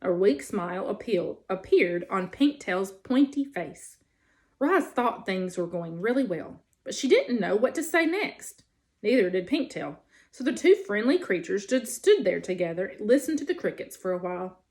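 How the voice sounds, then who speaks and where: A woman teacher reads a children's novel aloud, telling the story expressively in a medium-pitched voice at normal speed.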